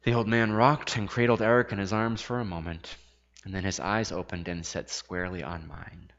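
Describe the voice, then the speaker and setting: With a deep voice at normal speed, a man gives a dramatic, expressive reading of a first-person story, including soft hushed asides. It's captured in a dull lo-fi recording marked by a long reverb.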